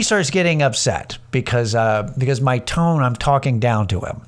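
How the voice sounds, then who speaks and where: Guy telling a story about a dumb coworker, acts out the argument, swears a lot, normal pitch. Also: moderate pace, hardly any pauses. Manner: animated, acts out both sides of a quarrel in quoted voices; casual and profane, many restarts and fillers. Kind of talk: storytelling comedy monologue.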